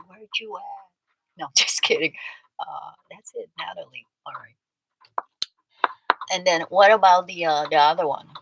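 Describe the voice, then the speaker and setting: A woman's voice: low voice, gravelly, fairly bright tone, slightly rough, dry recording, rough recording. A woman hosting a casual livestream, chatting and teasing as she reacts to viewer comments and laughs often. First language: Vietnamese. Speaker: livestream host.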